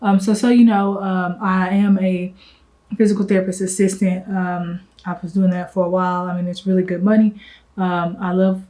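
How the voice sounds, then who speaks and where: Fast-talking young woman, rambling vlog. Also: lowish voice, little pitch movement, mellow, rough recording. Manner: fast, rambling, breathless talk. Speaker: travel agent business owner. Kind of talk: casual vlog talk to camera.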